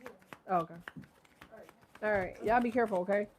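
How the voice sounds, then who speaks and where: A woman's voice: medium pitch, fast talker, slight background noise. Profane, laughing woman tarot reader. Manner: profane, rambling, laughs a lot. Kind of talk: casual live tarot chat.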